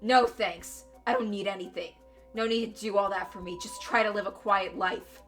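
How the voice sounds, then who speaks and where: A woman voicing a tough male detective from a game, curt and gruff with dry sarcasm. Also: medium pitch, fairly even intonation, moderate pace, fairly bright tone, soft background music, lightly acted. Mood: wary. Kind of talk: reading a game aloud with voices.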